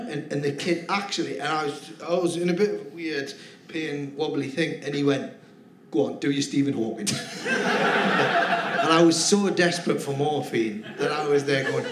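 A man's voice: on the high side, normal speed, slight background noise. A male comedian guest telling rambling, giggly anecdotes in a live podcast interview. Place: theatre stage with live audience. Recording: roomy theatre, audience laughter.

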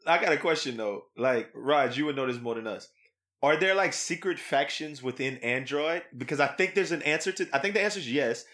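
Guy hosting a podcast, kinda high voice, bright and bouncy, slangy chat. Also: fairly quick. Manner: animated, laughing, slangy. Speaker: podcast host. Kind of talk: casual chat.

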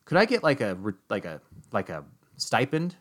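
An eager, excitable young man, put on by a male storyteller, comes through in a raised, pleading voice. He tumbles over his words in a breathless rush, always asking for a little more. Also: on the low side, normal speed.

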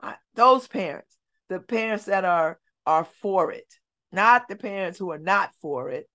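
A middle-aged woman hosting a community radio show, telling stories in an animated way and dropping her voice low and soft for emphasis. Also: unhurried. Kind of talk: casual talk radio monologue. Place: radio studio.

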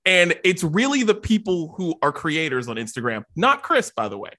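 Podcast host, male, bright and a bit high, exasperated rants. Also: very animated, normal speed. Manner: exasperated ranting, laughs often. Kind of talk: casual chat.

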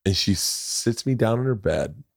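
Gravelly deep-voiced man, blunt and profane. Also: expressive, a little slow, dry recording, studio quality. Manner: blunt, profane, emotional storyteller. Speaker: podcast host. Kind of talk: casual storytelling conversation.

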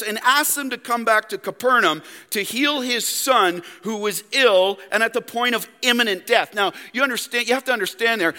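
A young man, a pastor preaching a sermon in a church, talking emphatically and swinging between loud stresses and hushed asides. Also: high voice, big-room sound. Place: church sanctuary.

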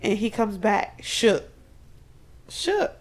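A woman co-hosting a casual podcast chat, retelling a story with lively acted-out quotes and slang. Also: mid-range voice, moderate pace, creaky. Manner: animated, acts out quotes, slangy. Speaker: podcast co-host. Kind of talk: casual chat recapping a horror novel.

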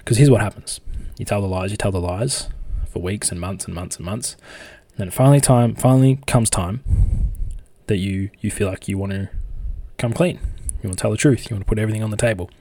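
A man's voice: lowish voice, brisk, mellow. A man giving relationship advice in a casual monologue, blunt and swearing freely as he acts out little scenes of dialogue.

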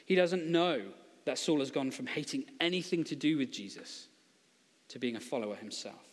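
A man gives a sermon, chatty and funny, slipping into little acted-out quotes. His voice sits a bit high for a man. A long reverb trails after him, as in a large hall. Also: moderate pace. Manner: conversational, humorous storytelling, acts out quotes. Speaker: preacher.

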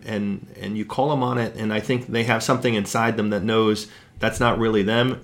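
Low-ish voiced guy thinking it through, repeats himself a bit. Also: a bit bright. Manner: reflective, repeating words as he builds a point. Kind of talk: casual reflective discussion.

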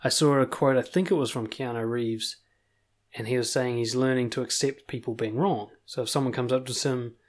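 A man, a confidence coach giving a blunt motivational monologue, swearing freely and pushing points with animated emphasis. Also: mid-range voice, a little fast.

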